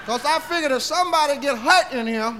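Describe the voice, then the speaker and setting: Man, rowdy profane comic storyteller, very high voice, laughs through his lines. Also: a little fast, pushed and bright, a little hiss or hum. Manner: rowdy, laughing as he talks, acting out the scene. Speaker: comedian.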